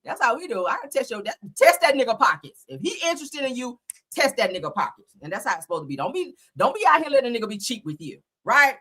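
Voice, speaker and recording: Woman host spilling tea, high-ish voice, blunt and cussing, laughs a lot. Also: sing-song, fast, a bit bright, slightly rough. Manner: blunt, profane, laughing often. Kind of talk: casual gossip commentary.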